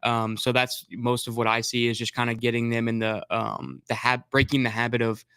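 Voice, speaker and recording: A firearms instructor who teaches new shooters chats casually about his drills, using lots of fillers and restarts. His mid-range voice is level, fairly quick and fairly bright, with a clean tone and no echo.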